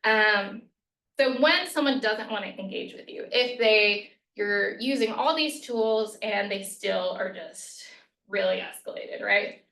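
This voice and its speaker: A woman's voice: medium pitch, slow, bright, forceful tone. A woman leading a workshop as a lunch-and-learn presentation, conversational, with frequent "right?" and "um", acting out sample phrases. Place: college meeting room. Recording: echoey room, voice a bit far from the mic.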